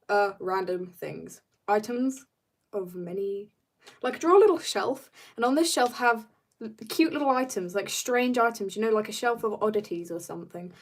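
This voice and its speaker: A teenage girl from South Africa, a little husky from being ill, rambling playfully as she greets viewers and chats while drawing on a live stream. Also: medium pitch. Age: teens. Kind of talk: casual live-stream chat.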